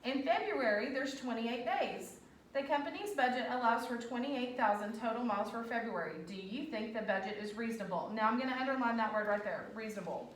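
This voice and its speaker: A woman teacher, coaxing her class along with a steady stream of questions. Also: a little high, a little fast, slight background noise. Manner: animated, coaxing, quizzing students with questions. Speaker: elementary school teacher. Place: classroom, indoors. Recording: echoey classroom from far off.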